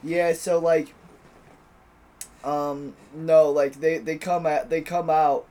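A man's voice: fairly high pitch, flat delivery, slow pace, mellow. Crude, joking male podcast host. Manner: crude, joking, swears freely, laughs often. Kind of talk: casual podcast chat.

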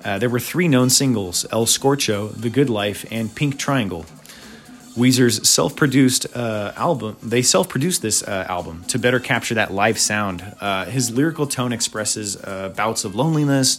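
A man hosting a casual podcast, talking through albums in a laid-back, chatty way with lots of filler uhs and opinionated asides. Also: fairly low pitch. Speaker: podcast host. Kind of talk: casual music review monologue.

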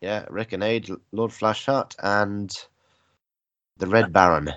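Low-voiced man with dry film remarks. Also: slow, a bit bright, lo-fi sound. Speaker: film podcast co-host. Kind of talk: casual film review chat.

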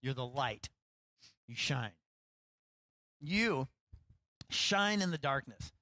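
Bright-voiced man preaching a casual sermon. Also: medium pitch, animated, takes it slowly, dry recording, low-quality recording. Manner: conversational, self-deprecating, acts out lines with rising animation. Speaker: pastor. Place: church.

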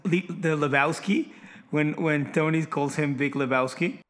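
Enthusiastic man with a somewhat high voice. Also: measured pace, fairly bright tone. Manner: enthusiastic, stumbles and repeats words. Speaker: movie fan discussing a film. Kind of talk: casual chat.

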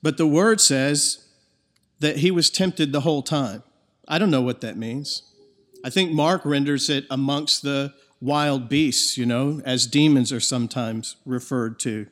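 A man's voice: mid-range voice, measured pace. A man preaching a sermon in an earnest, emphatic way, his voice rising in bursts of intensity. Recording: long reverb of a large hall.

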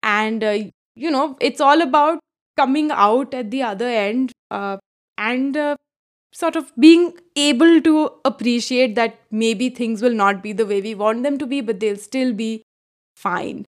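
A woman co-hosting a podcast in casual chat, relaxed and pausing often with fillers as she talks. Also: fairly high pitch. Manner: relaxed, hesitant with frequent fillers. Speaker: podcast co-host.

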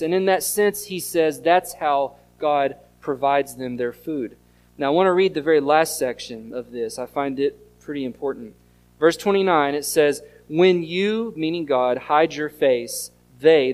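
A pastor, preaching an earnest sermon that mixes scripture reading and storytelling. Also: male voice, a little high, darkish tone. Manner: earnest teaching tone, reads scripture aloud and tells stories.

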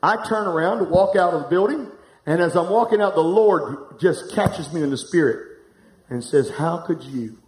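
A middle-aged pastor preaching live to a congregation, candid and humorous, telling a personal story and speaking to the room directly. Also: male voice, sits high, animated, moderate pace, a little mellow. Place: church hall, live before a congregation. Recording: echoey room.

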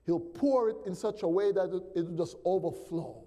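A man preaching a sermon as pastor, animated and calling out to the congregation. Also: high voice, normal speed. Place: church sanctuary. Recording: long church reverb.

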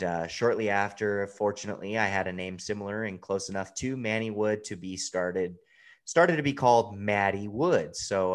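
A man in his thirties on a podcast, talking bluntly and swearing freely in casual chat. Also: low-pitched. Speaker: podcast guest, fantasy baseball analyst.

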